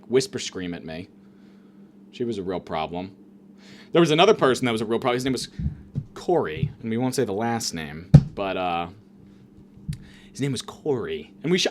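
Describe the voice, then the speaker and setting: A man's voice: mid-range voice, slight background noise. A man hosting a comedic monologue, ranting in a rambling, profane way, full of fillers and restarts. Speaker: comedian host.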